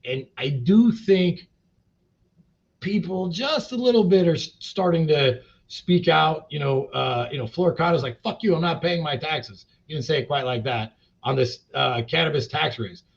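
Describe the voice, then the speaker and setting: This interview guest, the CEO of a cannabis company, has a fairly high-pitched voice with vocal fry and speaks at a moderate pace. He rambles bluntly, swearing and using lots of fillers in casual conversation, recorded as dull lo-fi podcast audio.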